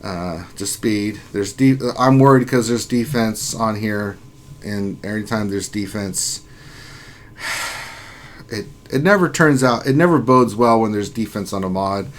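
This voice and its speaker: A man's voice: fairly low pitch, a little slow. Upbeat jokey man hosting a livestream. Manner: upbeat, jokey, reads chat names aloud. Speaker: gaming livestream host. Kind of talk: casual live-stream chat.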